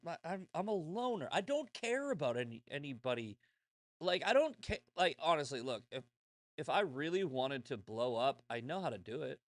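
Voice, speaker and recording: A man's voice: mid-range voice, a bit bright, dry recording. Blunt, profane man ranting off the cuff. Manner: blunt, profane, rambling with restarts. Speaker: show host. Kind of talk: casual monologue.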